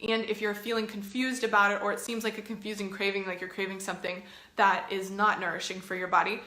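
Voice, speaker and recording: Bright-voiced woman coaching in an echoey room. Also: medium pitch, level tone, fast talker. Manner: chatty and encouraging, with many filler words. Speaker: health and fitness coach. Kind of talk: casual coaching talk to camera.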